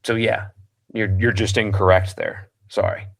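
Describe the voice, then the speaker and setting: A man's voice: lowish voice, level tone, a little slow, vocal fry, a bit bright. A man hosting a sports talk show, reading listener comments aloud and answering them bluntly, with a lot of ums and restarts. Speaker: sports radio host.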